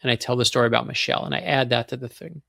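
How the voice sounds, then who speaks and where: A man, a guest on a show, telling a long personal story in a fast, animated way and acting out the other people in it. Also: medium pitch, creaky, no room sound, studio quality. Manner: excited, fast anecdote with quoted voices. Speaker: guest author.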